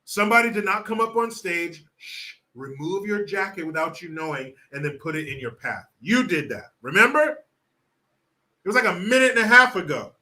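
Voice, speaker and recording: A man giving sarcastic political commentary in an animated, mocking way. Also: sits high, normal speed. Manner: sarcastic, animated, laughs often.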